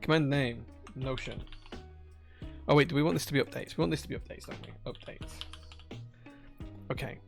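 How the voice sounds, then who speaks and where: Male stream host, gravelly voice, casual and distracted, talks under his breath, faint music behind. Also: medium pitch, fairly even intonation, normal speed, long pauses. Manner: distracted, muttering to himself while setting up chat commands. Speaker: livestream host. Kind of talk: casual live-stream chat. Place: home workshop.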